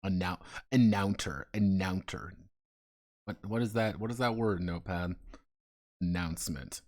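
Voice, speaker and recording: A man's voice: deep voice, a little slow, a little mellow. A man chatting casually on a stream, rambling with stumbling restarts and profane banter.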